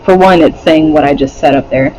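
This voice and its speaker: A man's voice: fairly high pitch, brisk, warm tone, dull audio, a little hiss or hum. A man doing a casual pick-a-card tarot reading, rambling with many fillers, swearing and laughing often. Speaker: tarot reader.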